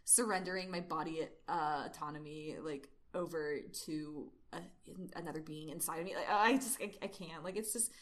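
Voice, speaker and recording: A woman's voice: deep voice, normal speed, hardly any pauses. A young woman co-hosting a casual chat, reading fan fiction narration aloud and talking in a loose, filler-heavy way. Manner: chatty, many fillers, laughs easily. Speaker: podcast co-host.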